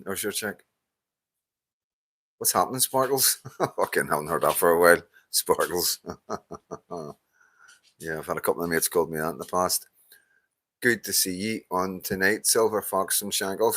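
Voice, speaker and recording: A Northern Irish man in his fifties hosts a casual live stream, sounding tired as he chats, laughs and swears. His voice sits fairly low. The sound is close and dry, with no room echo. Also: a bit bright. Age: 50s. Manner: chatty, swears, laughs often, reads out names. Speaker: livestream host. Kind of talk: casual live-stream chat greeting viewers.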